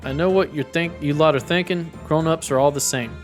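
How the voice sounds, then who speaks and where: A man's voice: on the high side, brisk, natural voice. A man reading the lines of a cocky young female pickpocket from a video game in his own plain voice, without putting on an accent. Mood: defiant. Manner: read aloud in his own voice, no accent attempted. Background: faint game music.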